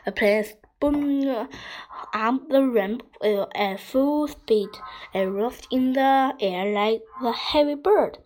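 Woman, reading children's story aloud, halting, high voice, slow. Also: a little mellow, low-quality recording. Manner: careful, halting reading with slips. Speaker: reader.

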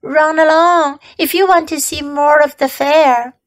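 A woman voicing a wise, kind female spider who speaks softly and slowly in a storybook reading. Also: high voice, steady tone, voice pushed up, poor audio.

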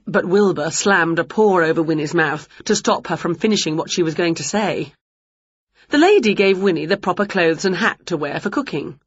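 A woman reading a children's storybook aloud with expressive, animated storytelling, on a dull lo-fi recording. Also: lowish voice, normal speed, slightly rough, dry recording. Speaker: storybook reader. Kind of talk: storybook read-aloud narration.

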